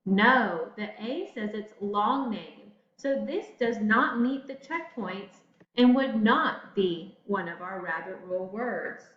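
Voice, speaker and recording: A woman teacher giving a recorded spelling lesson, talking slowly and encouragingly to young students. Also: medium pitch, lively intonation, a bit bright. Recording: echoey room, dull lo-fi audio.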